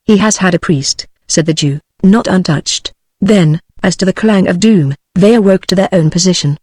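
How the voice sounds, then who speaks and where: A synthetic text-to-speech voice reading a classic novel aloud as an audiobook, in an even, mechanical delivery. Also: medium pitch, dry recording. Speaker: audiobook narrator.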